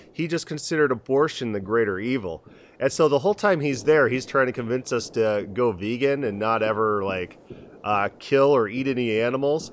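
Middle-aged guy rambling on a podcast, lots of restarts, does little voices when quoting people. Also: medium pitch. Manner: rambling storyteller with many restarts, acts out voices in quotes. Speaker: podcast co-host. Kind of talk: casual conversational podcast chat.

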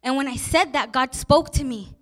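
Young woman pastor, high voice, heartfelt storytelling sermon. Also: moderate pace, a bit bright. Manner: personal storytelling, emotional and earnest.

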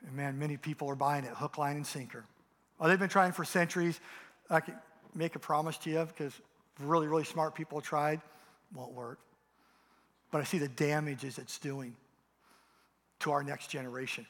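A man's voice: a little high, steady tone, normal speed, long pauses, fairly bright tone. A pastor preaching a passionate sermon, rising and falling as he drives his points home. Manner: impassioned preaching, acts out mocking voices. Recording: long hall reverb.

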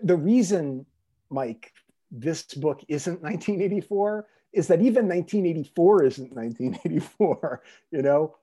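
A man with a somewhat high but mellow voice argues about books in a podcast chat. He is passionate and opinionated, drops in the odd swear word, and leans on "like" and "you know". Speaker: co-editor and podcast co-host. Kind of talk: casual literary discussion.

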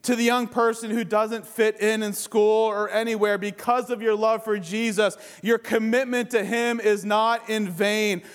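A man pastor preaching a sermon, swelling to emphatic peaks and dropping to hushed endings, then closing in a slow, quiet prayer. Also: high-pitched, level tone, clear, resonant tone, big-room sound.

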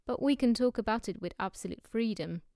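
A cautious, learned editor from a storybook, answering politely and with care, as a woman reads him. The tone is smooth and even, close to the mic in a dry space. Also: a little high, no echo. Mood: measured. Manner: measured and diplomatic.

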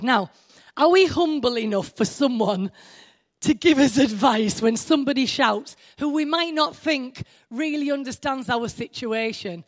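A woman's voice: fairly high pitch, moderate pace. A woman preaching a sermon in a conversational way, often putting questions to her congregation.

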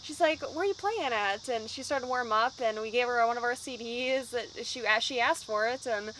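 A woman's voice: on the high side, a little fast, slight background noise, poor audio. A young woman, a band vocalist, chatting casually in an interview and acting out the people in her stories. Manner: lively storyteller, acts out quotes.

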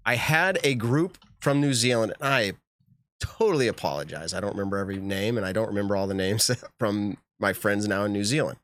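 A man's voice: on the low side, expressive, a little fast, a bit bright. A young man co-hosting a podcast, telling a story in a rambling way and laughing often. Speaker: podcast co-host. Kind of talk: casual chat.

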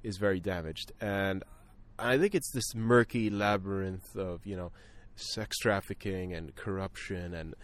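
Low-pitched man, casual film chat, halting and thoughtful. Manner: thoughtful, many fillers and restarts. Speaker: film podcast guest.

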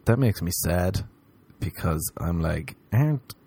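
A man hosting a podcast, telling crude stories in a casual, joking way and mimicking other people in higher voices. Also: expressive, slow pace, warm tone, slightly rough, dry recording. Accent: non-local, remarked on by others. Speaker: podcast host. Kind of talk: casual storytelling chat.

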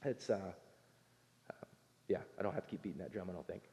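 A man's voice: low-pitched, expressive, quick pace, gravelly, mellow, lo-fi sound. A man in his thirties preaching a casual, conversational sermon, acting out voices from the story and talking with his congregation. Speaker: pastor. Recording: long hall reverb.

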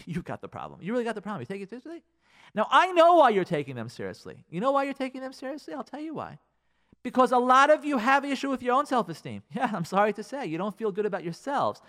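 A man, a rabbi, giving marriage advice in a casual, animated talk full of repeated rhetorical questions. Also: extremely high pitch, fast.

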